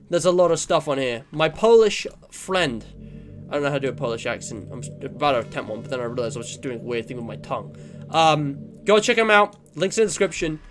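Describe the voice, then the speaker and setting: A man hosting a let's play, chatting casually and thinking aloud, moving between hushed remarks and upbeat sign-off energy. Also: on the high side. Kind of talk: casual gameplay commentary.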